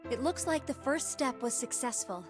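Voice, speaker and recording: Cool calm game girl, high voice, flat matter-of-fact lines, music clearly under her. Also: normal speed. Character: calm, composed young woman in a game.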